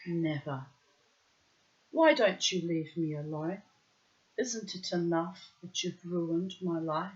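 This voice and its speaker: A woman's voice: on the low side, slow pace, pauses often, highs cut off. A woman reading the lines of a bitter, defiant young Frenchwoman who speaks sharply.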